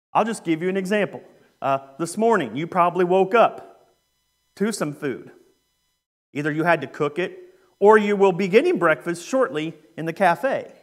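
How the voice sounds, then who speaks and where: A young adult man, a youth minister, preaching a sermon in a relaxed, joking way with lots of ums and uhs. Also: sits high. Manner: conversational, joking, with frequent fillers. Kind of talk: sermon with a humorous story.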